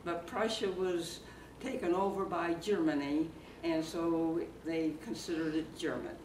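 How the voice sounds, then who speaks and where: A woman in her eighties from Iowa, reminiscing slowly and haltingly in an oral history interview held in a library community room. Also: fairly low pitch, steady tone, a little mellow. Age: 80s. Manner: slow, halting reminiscing with fillers. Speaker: interviewee, former circus performer. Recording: roomy, distant mic, faint background noise.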